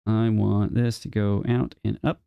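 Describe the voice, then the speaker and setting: Chatty gravelly-voiced male game streamer. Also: lowish voice, little pitch movement, unhurried, dry recording, muffled recording. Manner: chatty, jokey, talks to chat viewers by name. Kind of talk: casual live-stream chat while playing.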